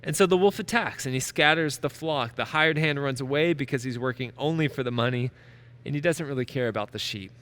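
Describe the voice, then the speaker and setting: A man's voice: mid-range voice, a bit bright. A man preaching a sermon as a pastor, emphatic and repeating key phrases for weight.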